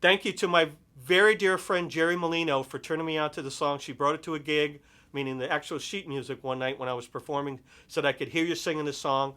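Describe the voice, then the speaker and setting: A middle-aged man hosts his own show in a studio, chatting with eager energy. His voice sits high for a man and rings bright and forceful. He talks through thanks, plugs and friends' names in a long, animated run. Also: fast talker, clear, resonant tone. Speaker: host and vocalist. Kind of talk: casual show talk with a sung dedication.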